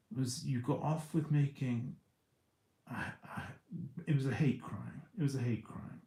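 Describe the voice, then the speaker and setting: A man's voice: medium pitch, mellow, roomy sound, poor audio. A man telling a long story on a casual livestream, stumbling over restarts and repeating words as he goes.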